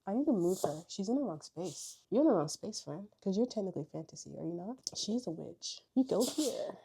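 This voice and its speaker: A young woman vlogging casually to camera about books, chatty and excitable, with giggly asides. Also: medium pitch, fairly quick, breathy edge. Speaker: book vlogger.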